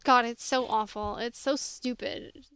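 A woman's voice: fairly high pitch, steady tone, a little slow, sharp tone, smooth, dry recording. A woman co-hosting a casual show recap, exasperated and sarcastic, recounting scenes from her notes. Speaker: podcast co-host.

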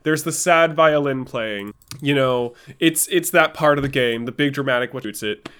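A man's voice: medium pitch, moderate pace, a bit bright, smooth. A man in casual chat about a video game, enthusiastic and laughing often as he retells scenes.

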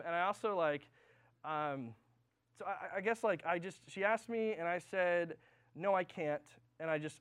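A young man giving a youth sermon, telling personal stories in an animated way with lots of fillers. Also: high voice, clean tone. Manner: animated storytelling with many fillers. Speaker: youth pastor.

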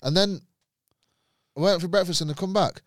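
A man, a comedian, telling a road story in casual chat, animated and swearing freely, shrieking when he quotes himself. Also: sits high, moderate pace, dry recording, studio quality.

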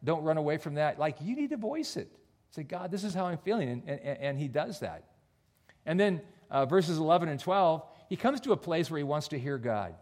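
Male pastor, earnest sermon delivery with hushed drops, slightly high voice. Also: very animated, fairly quick. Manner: earnest, dips to near-whisper on soft points. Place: church.

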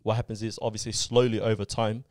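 A low-voiced man rattles through his points at a quick clip, piling on fillers and asides as he explains. The sound is close and dry, with almost no room around it. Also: level tone, a little mellow, no room sound. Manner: rambling, explains with many fillers. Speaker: podcast co-host. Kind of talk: casual podcast chat.

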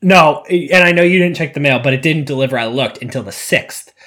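A man's voice: fairly high pitch, brisk. A man co-hosting a podcast, chatting casually and telling stories, acting out the people in them. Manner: animated storyteller, acts out voices. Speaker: podcast co-host. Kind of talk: casual chat.

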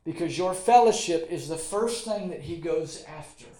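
A Southern US pastor preaching to his congregation in a high, tenor-leaning voice. He talks in a folksy way, repeating lines for weight and slipping in quick asides. The sound carries the roomy echo of a church hall. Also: lively intonation, warm tone. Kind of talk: sermon. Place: church sanctuary.

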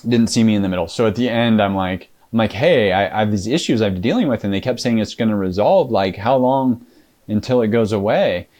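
Male interview guest, low voice, halting storyteller, full of fillers and restarts, acts out dialogue. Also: a little mellow.

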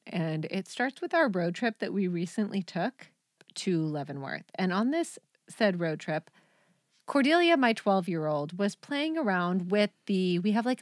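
A woman's voice: fairly low pitch, no room sound, clean studio sound. A mother hosting a podcast, chatting casually and rambling through funny family stories, often breaking into laughter. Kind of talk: casual chat, storytelling.

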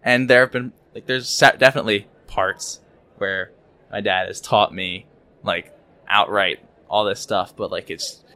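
A man's voice: fairly low pitch, fairly even intonation, pushed and bright. A young man as a podcast guest, talking casually with many restarts and fillers. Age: young adult. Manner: halting, many repeats and likes. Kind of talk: casual interview chat.

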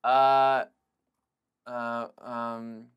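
A man's voice: medium pitch, flat delivery, extremely slow, clear, resonant tone, muffled recording. A man talking as a podcast guest about filmmaking and acting, rambling loosely with lots of "like" and restarts. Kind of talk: casual conversation.

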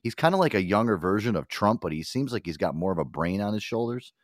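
A man from the United States hosting a casual podcast chat, animated and profane and quick to laugh. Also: fairly low pitch, dry recording, studio quality. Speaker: podcast host.

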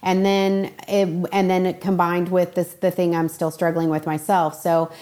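Young woman guest, earnest storyteller, lowish pitch, casual interview talk. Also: flat delivery, normal speed, dark tone. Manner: earnest storytelling, acts out quoted voices.

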